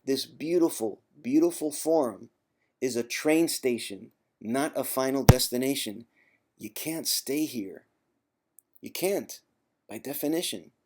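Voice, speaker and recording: A man's voice: mid-range voice, animated, measured pace, a little mellow. Man giving teasing tough-love advice. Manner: conversational, with frequent throat clearing. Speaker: former chronic pain sufferer giving advice. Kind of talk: direct-to-camera vlog monologue.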